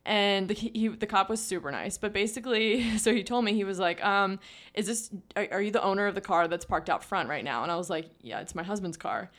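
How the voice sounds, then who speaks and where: She's a young podcast co-host with a brisk, mid-range voice, chatting casually as she recounts a story. "Like" pops up constantly throughout.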